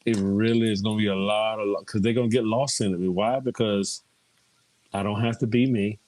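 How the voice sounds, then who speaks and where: A man's voice: on the low side, fairly even intonation, fairly quick, darkish tone. A middle-aged man chatting casually in a group, telling stories and quoting people. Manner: chatty storyteller, quotes others often.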